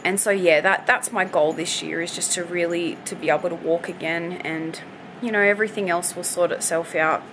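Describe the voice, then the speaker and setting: A woman in her twenties, still on crutches after hip surgery, gives a candid and hesitant update on her recovery from home, with pets nearby. Her voice sits on the low side with fairly even intonation and a moderate pace, and she peppers her casual talk with "you know." The background is noisy.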